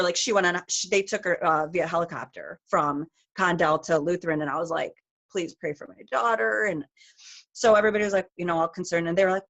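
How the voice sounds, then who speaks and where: A woman's voice: medium pitch, fairly bright tone. Emotional, chatty middle-aged woman storyteller. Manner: emotional, rapid storytelling with many fillers. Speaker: guest speaker. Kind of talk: personal testimony on a group call.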